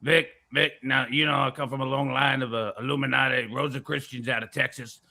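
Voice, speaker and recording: A man doing an impression of a gruff conspiracy radio host who boasts and pushes his products, with a gravelly rumble in the back of his throat. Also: level tone, a little fast, sharp tone, exaggerated voice. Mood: boastful.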